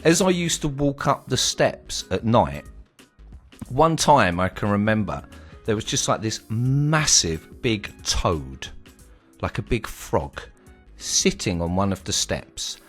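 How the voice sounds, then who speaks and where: A man's voice: fairly low pitch, slow pace, faint music behind. A man telling a casual, slangy story from his travels on his vlog. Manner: animated, slangy, swearing storyteller.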